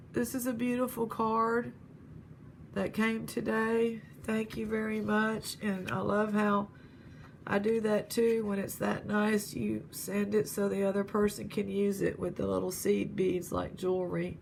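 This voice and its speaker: A woman vlogging casually, gently thanking viewers as she opens gifts and admires jewelry. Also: medium pitch, flat delivery, a little slow, vocal fry, slight background noise. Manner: gentle, appreciative, lingering over each gift. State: near tears, grieving. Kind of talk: casual vlog chat.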